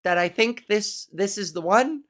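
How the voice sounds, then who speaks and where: A woman's voice: mid-range voice, animated, measured pace. A woman comedian hosting her own podcast, rambling in a profane, self-mocking casual chat. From Canada.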